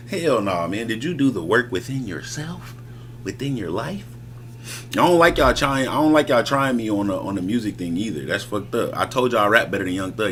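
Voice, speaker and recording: A man's voice: on the low side, fairly bright tone, a little hiss or hum. A man streaming live, talking casually and boastfully in slangy street talk. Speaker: streamer reacting to music. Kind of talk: casual livestream chat.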